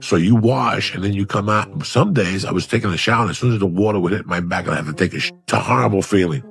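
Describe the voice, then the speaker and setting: A blunt man rattles through a crude story in casual chat, swearing freely. His voice is very deep and his pace quick. Faint music runs underneath. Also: creaky.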